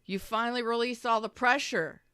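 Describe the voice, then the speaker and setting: A woman's voice: a little high, fairly even intonation, moderate pace, fairly bright tone, smooth, no room sound, clean studio sound. A woman giving a rambling, emphatic tarot reading, repeating herself for emphasis and swearing casually. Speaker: tarot reader. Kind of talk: spontaneous tarot reading monologue.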